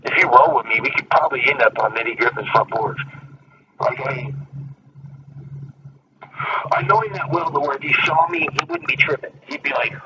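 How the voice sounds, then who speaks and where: A man's voice: mid-range voice, very animated, a little fast, long pauses, pushed and bright. A man talking in a casual chat, boastful and profane, rambling with many fillers. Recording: distant, dull lo-fi mic with faint noise.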